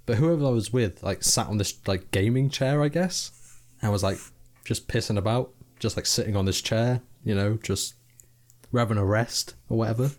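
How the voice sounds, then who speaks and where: A man's voice: on the low side, moderate pace, darkish tone. A young man, co-hosting a podcast in casual chat, rambling and swearing freely as he mimics people. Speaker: podcast co-host.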